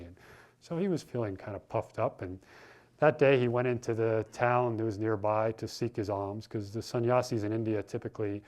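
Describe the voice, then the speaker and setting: Relaxed low-voiced man preaching. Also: moderate pace. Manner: informal, conversational, with restarts. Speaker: spiritual teacher. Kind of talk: sermon with storytelling.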